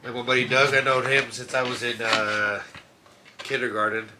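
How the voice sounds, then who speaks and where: A man's voice: medium pitch, steady tone, moderate pace, background noise. A man in his twenties, co-hosting a comedy podcast in a laid-back, swearing, easily amused way. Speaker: podcast co-host. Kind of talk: casual chat.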